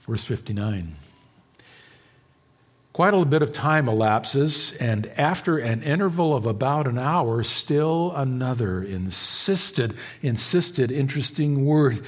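A man preaching an expository sermon, swinging between hushed, quiet stretches and emphatic, raised passages, with halting restarts and repeated words. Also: medium pitch, expressive. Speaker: pastor.

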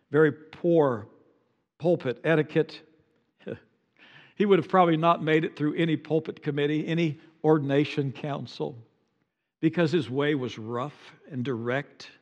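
A male pastor delivering a sermon in a fairly high voice. He swings into dramatic, drawn-out emphasis when quoting, and his voice carries a long reverb like a large sanctuary. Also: dull audio. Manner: dramatic, rises loud and slow for quoted lines.

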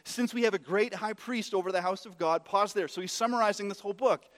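A man preaching a sermon as pastor, impassioned, swinging from quiet explanation to loud exhortation and acting out the voices he quotes. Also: high voice, quick pace, big-room sound.

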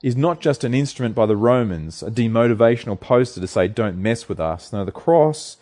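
A man's voice: medium pitch, lively intonation, a little fast, warm tone. A man preaching an earnest, emphatic sermon, asking his listeners rhetorical questions.

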